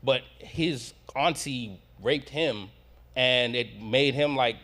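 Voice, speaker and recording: A man's voice: medium pitch, slow, bright, forceful tone. A man with an ordinary mid-range voice, talking casually on a podcast. He rambles and hedges, with a loose, slangy way of speaking. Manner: rambling, hedging with fillers, slangy. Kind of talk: casual chat.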